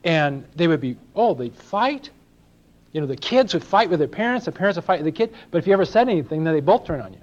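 A man's voice: fairly high pitch, very animated, fast. An older man from Los Angeles preaching a sermon in a conversational way, asking his congregation questions and acting out small exchanges. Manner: conversational, asks the congregation questions, acts out little dialogues. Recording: dull lo-fi sermon recording.

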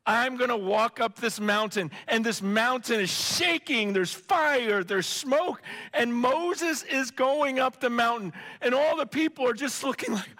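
A man preaching a sermon with passion, swinging between shouting and hushed tones. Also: extremely high pitch, measured pace. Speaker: pastor. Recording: long hall reverb.

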